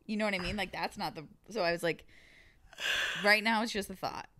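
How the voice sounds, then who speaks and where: A woman's voice: medium pitch, brisk. A young woman co-hosting a podcast in casual chat, telling stories with a laugh. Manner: animated storyteller, laughs often. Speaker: podcast co-host.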